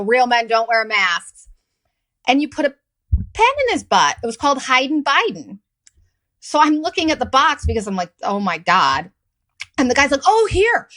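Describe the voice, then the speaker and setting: A middle-aged woman hosting a podcast, telling a story in a sarcastic, profane and animated way. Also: fairly high pitch, poor audio. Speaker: podcast host. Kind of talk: casual storytelling monologue.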